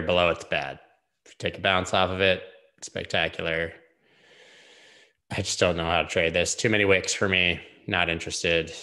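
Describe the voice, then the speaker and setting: Deep-voiced man rambling over charts. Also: gravelly, pushed and bright. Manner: joking, rambling, quick asides. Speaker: host of a live charting stream. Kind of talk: casual live-stream chart analysis.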